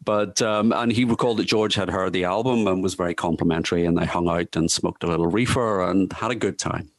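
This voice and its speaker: Deep-voiced man chatting about music history. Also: steady tone, brisk, no echo. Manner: hesitant, many fillers and restarts, acts out quotes. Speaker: podcast co-host. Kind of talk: casual music history chat.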